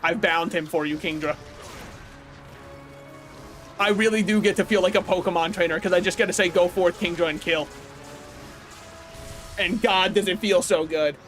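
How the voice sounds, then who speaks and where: A young American man chatting casually while streaming a game, rambling and correcting himself with sudden excited outbursts. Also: high-pitched, moderate pace, pauses often, faint music behind. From United States. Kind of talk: casual gaming livestream chat.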